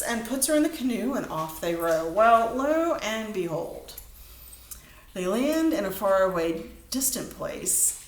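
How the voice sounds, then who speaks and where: A woman instructor lecturing and retelling a myth in a chatty, meandering way, with plenty of ums and uhs. Her voice sits mid-pitched and sounds roomy, with a faint hiss behind. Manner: chatty storytelling, frequent fillers. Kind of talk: recorded lecture. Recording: roomy room, faint background noise.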